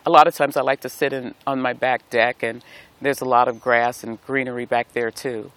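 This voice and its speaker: A man's voice: mid-range voice, little pitch movement, moderate pace, a bit bright, no echo. A middle-aged man giving a devotional talk outdoors, speaking as a pastor with a preacherly cadence and repeated phrases. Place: outdoors in nature.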